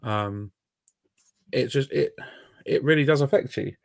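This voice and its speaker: A man's voice: mid-range voice, a little slow, creaky, no echo, studio quality. A man from England hosting a casual sports podcast, chatty and self-deprecating with the odd swear word. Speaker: podcast host. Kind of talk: casual chat.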